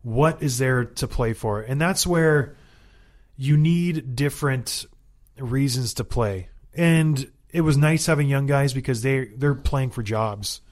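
A man in his thirties, a former hockey player, hosting a podcast in a casual, animated, joking way. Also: mid-range voice, slow. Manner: animated, joking, self-mocking hype.

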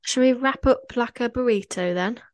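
On a dry recording, a young woman with a somewhat high voice co-hosts a podcast. She chats casually, teasing in an easygoing manner and laughing quickly.

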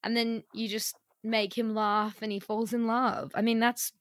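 A woman's voice: on the high side, little pitch movement, a little slow, no echo, studio quality. A young woman hosting a podcast, chatting in a playful, joking way. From Australia. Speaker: podcast host. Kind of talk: casual podcast chat.

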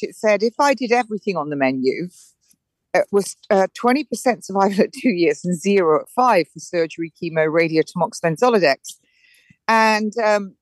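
A woman in her forties speaks as an interview guest, emphatic and animated, often restarting her sentences. Her voice sits at a middling pitch. The recording is dry and close. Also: no room sound, low-quality recording. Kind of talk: casual interview chat.

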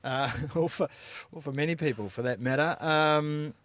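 A man with a New Zealand accent, co-hosting a casual rugby podcast and giving animated, opinionated analysis. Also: fairly high pitch, normal speed, dry recording. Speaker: podcast co-host.

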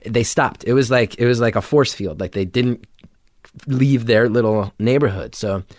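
A comedian from New Jersey telling a story in casual conversation, animated and full of filler words. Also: male voice, medium pitch, moderate pace, dry recording, clean studio sound. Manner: animated, acts out quotes, many filler "like"s. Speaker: comedian guest.

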